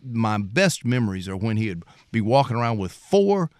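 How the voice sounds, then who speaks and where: Folksy musician telling stories. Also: male voice, fairly low pitch, sing-song, moderate pace, darkish tone, no echo, studio quality. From Mississippi, US. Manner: rambling, folksy, anecdotal. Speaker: musician guest. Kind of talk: storytelling interview.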